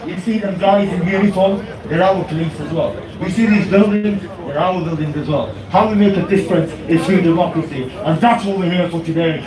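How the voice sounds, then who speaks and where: A man's voice: high voice, a little fast, few pauses. A man from the United Kingdom speaking at an outdoor street rally, rousing the crowd with an impassioned speech and leading chants through a handheld mic. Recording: echoey street, from a distance, loud crowd.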